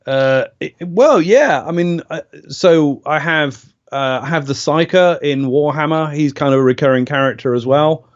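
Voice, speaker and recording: A male voice actor telling stories in a relaxed stream interview, rambling with many fillers and pauses. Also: on the high side, muffled recording. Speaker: voice actor guest. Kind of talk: casual interview over a stream.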